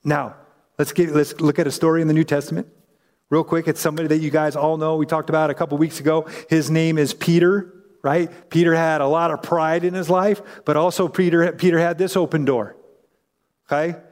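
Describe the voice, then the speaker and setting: A man's voice: fairly high pitch, level tone, a little fast, darkish tone, big-room sound. A man preaching a sermon in a conversational way, acting out the voices in the story he tells. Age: adult parent. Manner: conversational, acts out quoted voices. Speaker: pastor.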